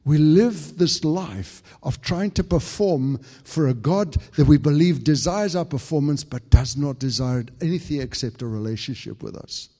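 Man preaching a sermon, fervent, stammering restarts, slightly high voice, long hall reverb. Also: moderate pace, few pauses. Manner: fervent, builds to high excited peaks.

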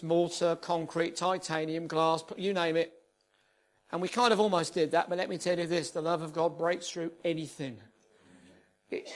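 Male preacher, slow and higher-pitched, fervent prayer and declarations. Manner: impassioned, swings between hushed prayer and loud declarations. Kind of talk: sermon with prayer.

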